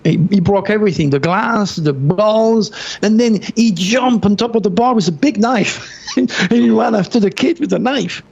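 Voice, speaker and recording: Male guest, French accent, lively raconteur, raspy edge, dull remote-call sound. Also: high voice. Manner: animated, excitable storyteller with halting non-native phrasing. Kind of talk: storytelling in an interview.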